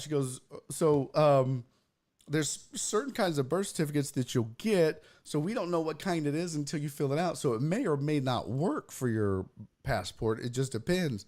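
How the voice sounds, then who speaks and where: A man's voice: mid-range voice, expressive, moderate pace, a little mellow. A man from Texas, hosting a podcast and telling a story in a casual, profane, ranting way. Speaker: host.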